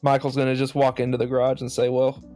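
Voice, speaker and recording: A man's voice: medium pitch, monotone, very fast, warm tone, soft background music. A man playing a tabletop game, making dry, wry remarks. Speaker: player. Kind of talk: tabletop role-play.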